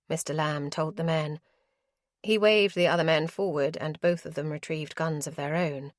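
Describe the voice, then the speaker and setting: Low-voiced woman reading a romance. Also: moderate pace, no echo, studio quality. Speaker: audiobook narrator. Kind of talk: scripted romance narration.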